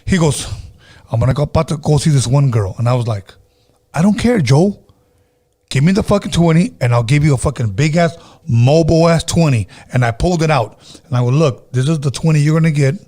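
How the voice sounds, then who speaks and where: A man's voice: a little high, brisk, warm tone. A man in his fifties hosting a casual podcast, telling crude stories and acting out the people in them. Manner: crude storytelling, acts out the people he quotes. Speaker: podcast host. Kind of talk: casual chat.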